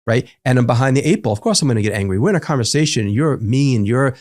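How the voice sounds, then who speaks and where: A man in a podcast conversation, explaining calmly as a psychologist and acting out little quoted voices with humor. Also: mid-range voice, fast talker. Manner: animated teacher, acts out quotes, jokes. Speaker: psychologist guest.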